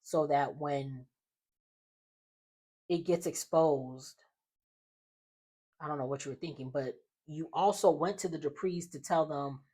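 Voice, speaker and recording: A woman's voice: sits low, a little slow, long pauses, warm tone, husky. A young woman chatting casually through a soap opera recap, acting out the characters' lines as she goes.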